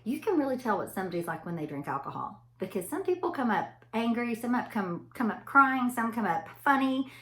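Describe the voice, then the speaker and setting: A woman's voice: fairly high pitch, very animated, a little fast, few pauses, fairly bright tone. A middle-aged woman, a chatty storyteller talking straight to her listeners in a casual motivational talk. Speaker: anesthesia provider. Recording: echoey room.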